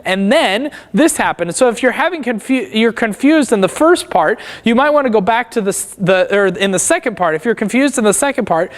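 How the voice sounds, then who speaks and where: Church teacher, casual Bible study talk, mid-pitched voice, frequent check-ins, long church-hall reverb. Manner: casual, checks in often with "all right?". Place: church auditorium.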